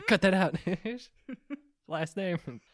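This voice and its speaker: A man's voice: high-pitched, big pitch swings, extremely slow, no room sound, clean studio sound. A man co-hosting a podcast in casual chat, laughing constantly and rambling loosely. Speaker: podcast co-host.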